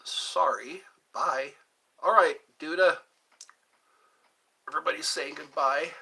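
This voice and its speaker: Male streamer, rambling chat with viewers, slightly high voice with an unhurried pace. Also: lively intonation, pushed and bright. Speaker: livestream host. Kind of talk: casual livestream chat.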